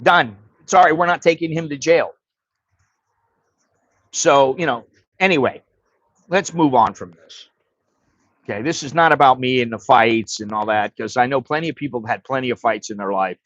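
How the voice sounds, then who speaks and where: On a casual home livestream, a middle-aged American man talks at normal speed in a medium-pitched, fairly bright voice, with no echo. He's blunt and swears freely, rambling and restarting sentences as he tells his stories. The audio is dull and dry, typical lo-fi stream sound.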